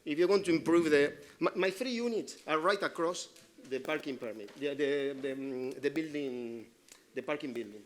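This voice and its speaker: Halting, insistent man at a public meeting. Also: fairly high pitch. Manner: halting, repeats words, insistent complaints. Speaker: resident giving public comment. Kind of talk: public comment at a city meeting.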